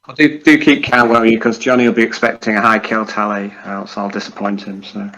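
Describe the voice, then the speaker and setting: A man's voice: fairly low pitch, level tone, fairly quick, fairly bright tone, poor audio. A man playing a tabletop game, chatting casually and hesitating with ums as he plans his moves. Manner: hesitant, filler-heavy planning. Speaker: player.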